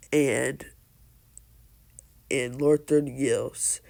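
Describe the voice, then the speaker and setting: A man's voice: a little high, fairly even intonation, slow pace, gravelly, pauses often, a little mellow. A man casually retelling a fan story, rambling and hesitant, stringing events together with "and so then.".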